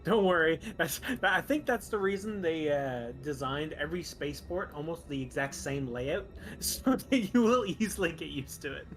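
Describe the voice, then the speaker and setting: A man with a fairly high voice joking around with friends over an online game. He teases the others and giggles a lot. Game music plays faintly underneath. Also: lively intonation, moderate pace, hardly any pauses, a bit bright. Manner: playful, teasing, giggly. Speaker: friend playing along. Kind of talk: casual gaming chat.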